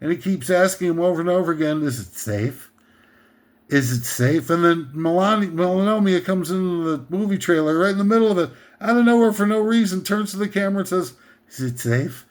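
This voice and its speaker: A man with a somewhat high voice rants through a comedic countdown. He rambles, stumbles over fillers and restarts, and keeps a sarcastic edge. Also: fairly even intonation, fast, few pauses. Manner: rambling, hesitant with many fillers, sarcastic ranting. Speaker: comedic list host.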